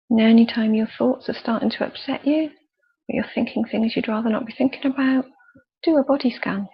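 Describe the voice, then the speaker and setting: A woman leading a guided body scan meditation with slow, soft, calm instructions and pauses. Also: fairly high pitch, slightly rough, lo-fi sound. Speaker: youth worker leading a relaxation exercise.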